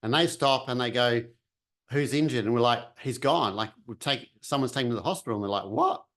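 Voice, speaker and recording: A man's voice: mid-range voice, fast talker. A man telling a personal story casually, acting out what people said and the sounds he heard. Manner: animated, acts out voices and sounds.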